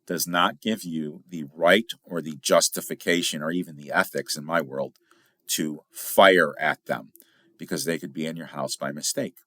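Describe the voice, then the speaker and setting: A middle-aged man from Illinois hosting a casual podcast as a firearms instructor, telling stories in a chatty, animated way with big jumps in pitch for emphasis. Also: normal speed, no echo, clean studio sound. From Illinois, USA.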